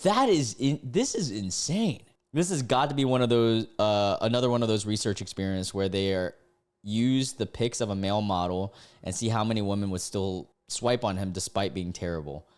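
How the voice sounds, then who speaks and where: A young man reading dating app posts aloud and reacting casually, laughing and breaking into sudden high-pitched disbelief. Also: a little fast, darkish tone, clear, resonant tone.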